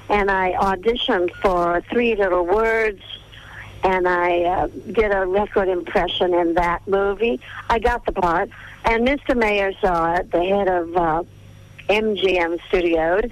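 An older woman who grew up in Texas, a veteran film star reminiscing in a radio interview over the phone, listing names at an unhurried pace. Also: medium pitch. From Texas, USA. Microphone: telephone. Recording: tinny phone line, radio broadcast.

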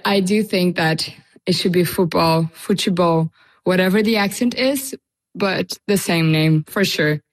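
A woman from Brazil speaking calmly as an interviewed intern. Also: on the low side, unhurried. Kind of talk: casual chat.

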